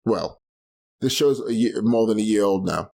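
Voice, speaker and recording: Speaking at a moderate pace with vocal fry, a young Londoner runs his own solo podcast in a lowish, darkish voice. His talk rambles along casually, and he often laughs at himself when he slips up.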